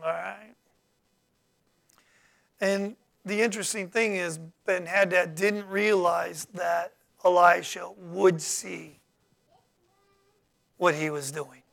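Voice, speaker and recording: Slow, gravelly preacher. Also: medium pitch, fairly even intonation, fairly bright tone. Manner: calls out to the congregation for responses; reads verses aloud and then explains them. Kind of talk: sermon, Bible teaching.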